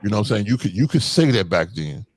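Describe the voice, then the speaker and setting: A man's voice: lowish voice, big pitch swings, quick pace, darkish tone, no echo. A man co-hosting a casual podcast chat, telling blunt, profane stories and acting out what he would say. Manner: blunt, profane storytelling with acted-out quotes. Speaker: podcast co-host.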